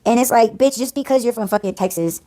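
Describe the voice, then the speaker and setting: A woman's voice: on the high side, quick pace, mellow. A woman hosting a podcast, venting in a blunt, profane, casual ranting monologue. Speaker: podcast host.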